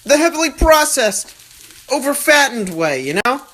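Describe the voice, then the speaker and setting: A man's voice: very high-pitched, big pitch swings, normal speed, fairly bright tone. A young man hosting a comedy cooking show, rambling in mock-serious self-talk as he cooks in a home kitchen. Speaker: cooking channel host. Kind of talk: comic cooking monologue. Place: home kitchen, frying on the stove. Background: sizzling pan.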